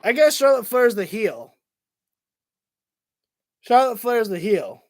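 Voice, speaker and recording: A man's voice: extremely high pitch, big pitch swings, takes it slowly, dry recording. A man hosting a livestream, reacting to a wrestling broadcast in an angry, profane rant. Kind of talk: live reaction commentary.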